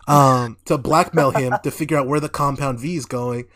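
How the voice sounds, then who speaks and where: A man's voice: a little high, a little fast, few pauses. A man co-hosting a podcast, recapping an episode in casual chat, swearing a lot and laughing as he goes. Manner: animated, laughing, heavy swearing. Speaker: podcast co-host.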